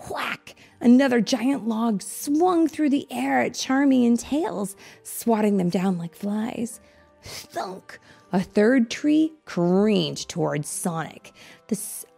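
A woman reads a children's storybook aloud at a slow, unhurried pace, acting out the sound effects expressively. Her voice is husky and gravelly, with faint music underneath. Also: mid-range voice, warm tone.

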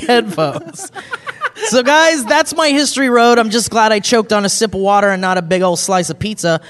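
A man co-hosting a live podcast, reading a listener's letter aloud in a casual, amused way. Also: high-pitched. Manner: reads with laughs, breaks into shouted impressions. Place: live show venue with audience. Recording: long hall reverb.

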